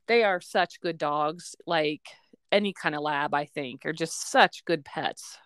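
A woman's voice: low voice, a little slow, fairly bright tone, smooth, dry recording. A woman hosting a podcast, asking questions in a friendly casual chat with lots of fillers. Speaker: podcast host.

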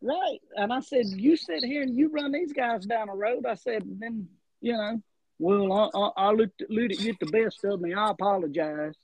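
This podcast guest, a male wrestler, has a very high voice and talks at a normal speed. He tells a long story in an animated, rambling way and acts out the quotes, with no room sound and a dull, lo-fi recording.

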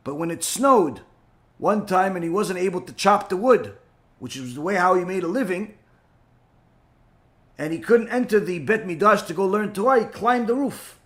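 High-voiced man telling a teaching story. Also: moderate pace. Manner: animated, acts out the voices. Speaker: Torah teacher. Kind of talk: storytelling lesson.

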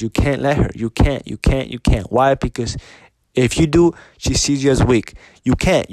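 Male show host, mid pitch, blunt and profane, repetitive, insistent rhetorical questions, dry close sound. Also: darkish tone, no room sound. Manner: repetitive, profane, keeps asking "you know what I mean"; blunt and insistent, restarts sentences often. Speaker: podcast host giving dating advice. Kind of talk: casual unscripted monologue.

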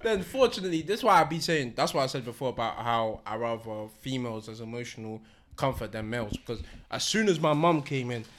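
A man's voice: medium pitch, animated, a little fast, fairly bright tone, slight background noise. A young man telling a story in casual chat among friends, slangy and laughing often.

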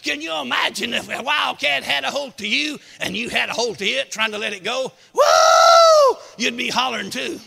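A man preaching a sermon, telling a folksy tall tale with shouts and whoops. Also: very high-pitched, fairly quick, gravelly, few pauses, slightly rough, in a large hall. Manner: shouting, hollering storyteller with whoops.

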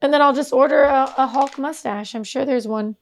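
A woman's voice: sits high, fairly quick. A woman co-hosting a podcast in casual chat, rambling and trailing off mid-sentence. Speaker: podcast co-host.

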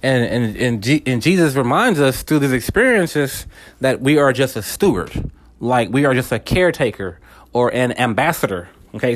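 Man in a rambling faith monologue. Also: mid-range voice. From United States. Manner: rambling, repeats words, checks in with listeners. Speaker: podcast host. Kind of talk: casual faith podcast monologue.

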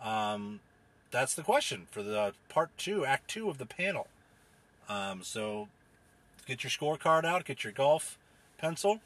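A man hosting a comedy panel in an exasperated, deadpan, crude way, steering the segment along. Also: mid-range voice, a little slow. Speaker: host, panel moderator.

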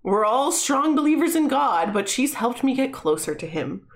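A woman's voice: high voice, sing-song, moderate pace. A woman reading an article aloud to friends, breaking off for laughing asides. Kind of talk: reading aloud, casual chat.

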